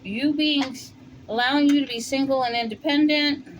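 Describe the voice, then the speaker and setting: A woman with a New York accent reads tarot cards in a loose, chatty way, her voice sitting a little high. She thinks out loud and pauses with fillers. A faint hum of noise runs underneath. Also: fairly even intonation, low-quality recording. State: warm and winded after shoveling. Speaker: tarot reader. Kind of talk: casual tarot reading. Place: home in Colorado.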